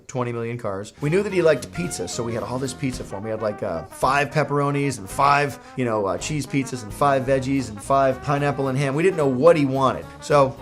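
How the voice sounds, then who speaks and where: A man, a cartoon creator, telling a jokey, self-mocking story in a casual vlog. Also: medium pitch.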